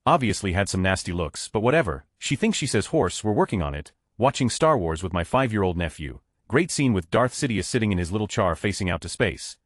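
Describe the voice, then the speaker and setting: A man reading short online stories aloud as scripted narration, with a flat delivery that lifts at each story heading. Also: fairly low pitch, fairly quick, hardly any pauses, dry recording, studio quality.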